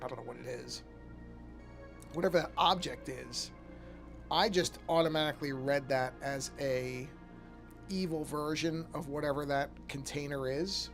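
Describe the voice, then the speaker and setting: A gravelly, somewhat higher-voiced man talks loosely at his desk mic while he works on a picture, circling back and restarting his thoughts. He keeps yawning as he speaks, and soft music plays faintly behind him. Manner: rambling, thinks aloud, frequent restarts. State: yawning often. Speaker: artist streaming his work. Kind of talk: casual live-stream talk while painting.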